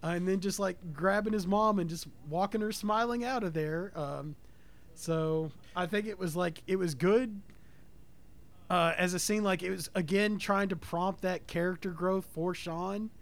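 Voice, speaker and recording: A man talking casually about a film with friends, animated and quick to laugh. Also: high-pitched, vocal fry.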